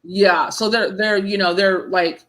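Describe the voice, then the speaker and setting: A horror author in her thirties speaks unhurriedly in a mid-range voice, captured on a rough recording. Relaxed in the interview, she spins animated stories and acts out the voices of those she quotes.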